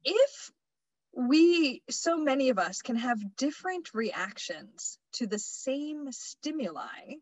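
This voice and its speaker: A woman leading a webinar workshop in a relaxed, chatty way, full of fillers and restarts. Her voice sits a little high, and the sound is close and dry, with no room echo. She talks to the group as if she were talking to friends. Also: takes it slowly. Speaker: workshop presenter. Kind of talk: casual webinar presentation.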